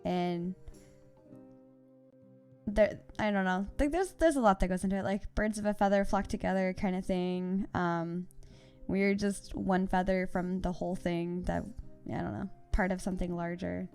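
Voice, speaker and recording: A woman's voice: lowish voice, fairly even intonation, normal speed, a little mellow, clear, resonant tone, soft background music. A woman co-hosting a casual gaming podcast, chatting and laughing often. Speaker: podcast co-host.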